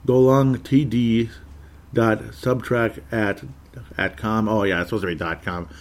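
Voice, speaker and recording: A man's voice: fairly low pitch, fairly even intonation, unhurried. A man hosting a sports podcast in casual chat, rambling, chuckling often and correcting himself as he reads listener comments.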